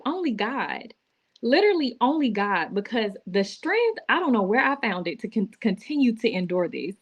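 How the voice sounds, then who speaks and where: A woman's voice: on the high side, expressive, moderate pace, dull audio. Woman, teary live-stream testimony to her viewers, casual and emotional. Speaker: vlogger going live. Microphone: laptop or phone.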